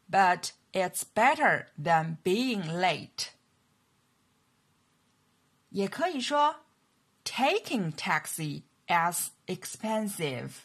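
Slow husky woman teaching English. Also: lowish voice, a bit bright. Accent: Mandarin Chinese. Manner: slow, clear model sentences repeated for learners. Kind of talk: language lesson narration.

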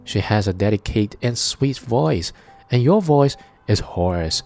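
A man's voice: on the low side, animated, slow pace, darkish tone, soft background music. A man voicing a group of small, wary young goat kids in a read-aloud fairy tale. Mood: defiant.

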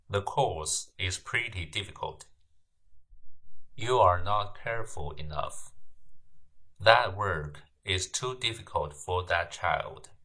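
A man giving a grammar lesson, explaining terms in a measured way and then reading example sentences. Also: low voice, pushed and bright. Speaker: English grammar teacher. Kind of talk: slow lecture narration with read example sentences.

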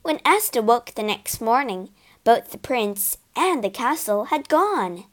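Slow, high-voiced woman reading a fairy tale. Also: big pitch swings. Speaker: storyteller. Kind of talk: scripted narration of a fairy tale.

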